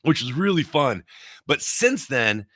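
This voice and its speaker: A man's voice: medium pitch, big pitch swings, measured pace, a bit bright, no echo, clean studio sound. A man chatting casually on a podcast, playful and easygoing. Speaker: podcast guest. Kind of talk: casual chat.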